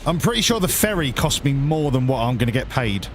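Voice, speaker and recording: A man's voice: mid-range voice, big pitch swings, a little fast, slight background noise. A man streaming a driving game, chatting in sarcastic, sweary banter as he plays. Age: adult, grew up before the 1980s. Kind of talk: live gameplay commentary.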